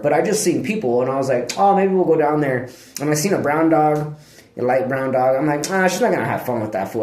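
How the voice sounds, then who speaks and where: A man's voice: medium pitch, darkish tone. A man vlogging in casual, rambling talk, laid-back and profane, laughing often. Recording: echoey room.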